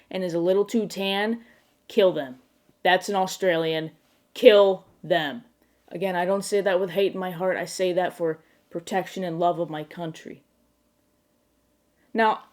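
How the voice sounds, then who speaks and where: A woman's voice: on the low side, darkish tone. A woman hosting a parody late-night show, delivering a mock-serious monologue that swings into outraged, swearing rants.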